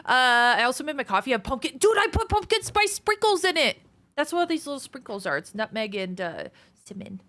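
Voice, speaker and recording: Bubbly, lively woman streamer. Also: high voice, fairly quick. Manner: chatty, bubbly, greets viewers by name. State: out of breath. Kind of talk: casual chat reading viewer messages.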